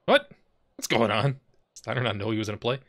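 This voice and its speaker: This let's player has a voice on the low side, a bit bright, and talks a little fast while tackling a game for the first time. He voices the characters' dialogue in playful, theatrical impressions, swearing casually, as faint game music plays in the background.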